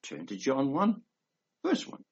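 A man's voice: mid-range voice, huge pitch swings, measured pace, slight background noise. A man giving a rambling, emphatic conversational sermon, reading scripture aloud between asides. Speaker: preacher. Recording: dull lo-fi recording.

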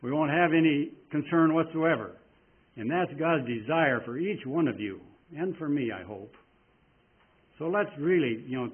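Folksy preacher on a tinny line. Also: male voice, mid-range voice, breathy edge. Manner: folksy and rambling, reading scripture slowly with emphasis. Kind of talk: sermon. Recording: tinny phone-like sound.

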